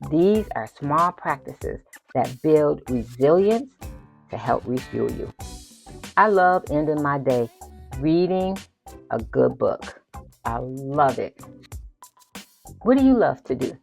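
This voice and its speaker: Lower-voiced woman giving a motivational talk. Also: big pitch swings, slow pace, vocal fry, long pauses, soft background music. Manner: emphatic, preacherly, playful, repeats phrases for effect. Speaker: podcast host. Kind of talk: motivational solo podcast.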